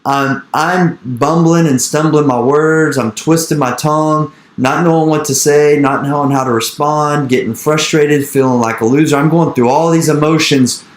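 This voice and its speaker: A man in his thirties telling an animated story in an interview, repeating his phrases and acting out the dialogue he quotes. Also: a little high, normal speed, hardly any pauses, echoey room. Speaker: real estate investor speaking to an investor group. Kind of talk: energetic storytelling talk.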